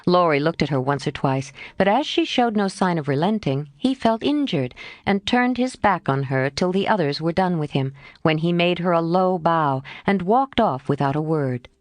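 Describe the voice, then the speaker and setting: Expressive woman narrating an audiobook. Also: lowish voice, moderate pace, few pauses, no echo. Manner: expressive, storytelling.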